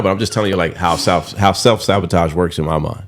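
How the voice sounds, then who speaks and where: A man's voice: deep voice, animated, fast, creaky, few pauses. A young man hosting a podcast, talking candidly in a rambling, casual way and swearing freely. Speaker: podcast host.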